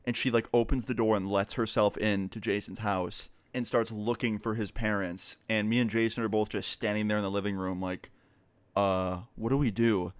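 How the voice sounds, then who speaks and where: A man's voice: on the low side, steady tone, fairly quick, hardly any pauses, clear, resonant tone, no echo. Young man casually telling a story. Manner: casual, profane, rambling with fillers. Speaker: vlogger.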